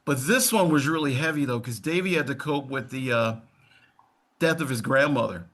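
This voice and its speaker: A man's voice: mid-range voice, moderate pace, a bit bright. A man, co-hosting a podcast in laid-back casual chat, often calling others "man". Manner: laid-back, calls people man, storyteller. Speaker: podcast co-host.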